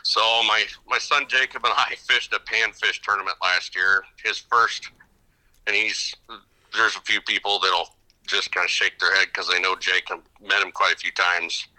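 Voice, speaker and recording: A middle-aged man talking casually as a fishing guide on an interview show. He rambles through his stories with lots of false starts and restarts. His voice sits on the low side but has a sharp, very bright edge to it. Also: fairly even intonation, normal speed, poor audio. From upper Midwest of the United States. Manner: rambling storyteller with many restarts. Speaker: fishing guide and podcast guest.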